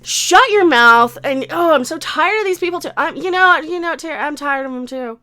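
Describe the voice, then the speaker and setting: A woman's voice: high voice, brisk, sharp tone. A woman YouTuber ranting in a commentary vlog, sarcastic and crude, often repeating herself.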